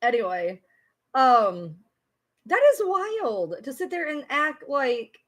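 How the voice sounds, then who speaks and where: A woman streaming live in loose, unscripted commentary, her high voice swooping up and down as she reacts. She laughs a lot, curses without a filter and answers her viewers directly. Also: takes it slowly. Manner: laughs often, swears freely; animated, talks back to viewers. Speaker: livestreamer.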